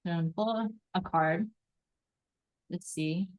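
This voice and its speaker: A woman hosting a live card reading, enthusiastic and animated, acting out little quoted voices as she coaches. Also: on the low side, slow pace, lo-fi sound, a little hiss or hum. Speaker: host and intuitive reader.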